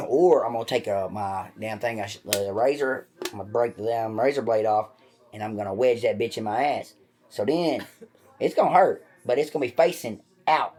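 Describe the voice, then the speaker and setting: A man's voice: lowish voice, normal speed, a little mellow. A man co-hosting a comedy podcast, telling crude stories in a rambling, profane way and jumping into voices for the people in them. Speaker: podcast co-host.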